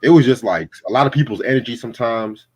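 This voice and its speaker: A man's voice: medium pitch, fast talker, a little mellow, breathy edge. A man hosting a casual livestream chat, laid-back and slangy, laughing often. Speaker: podcast host.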